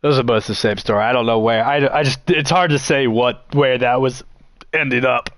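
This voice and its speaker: A man in easy conversation, spinning a meandering anecdote full of swearing and little laughs. His voice sits at an ordinary middle pitch. The sound is close and dry, with no room around it. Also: normal speed, no room sound. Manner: rambling, profane, laughs often. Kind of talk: casual storytelling.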